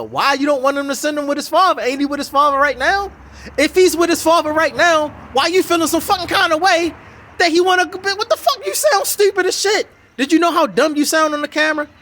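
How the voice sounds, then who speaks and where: A man's voice: very high-pitched, brisk, pushed and bright. A man giving a heated, swearing, mocking reaction commentary on a video. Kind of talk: profane ranting reaction commentary.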